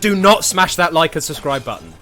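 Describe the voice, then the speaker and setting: A man's voice: fairly high pitch, sing-song, fairly quick, sharp tone, faint music behind. A man streaming a video game, explaining the game in a dry, jokey casual commentary.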